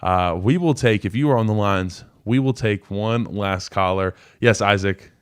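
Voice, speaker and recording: A man's voice: fairly low pitch, a little slow, clean tone. Man, 20s, former player turned show host; casual, rambling delivery full of fillers. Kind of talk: live call-in sports talk.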